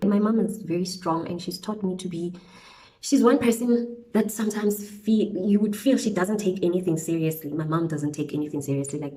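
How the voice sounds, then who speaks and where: A woman's voice: fairly low pitch, low-quality recording. Chatty woman telling a storytime over makeup. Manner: chatty, animated storytelling with slang interjections. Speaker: beauty vlogger. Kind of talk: storytime while doing makeup. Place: indoors at home, windy outside.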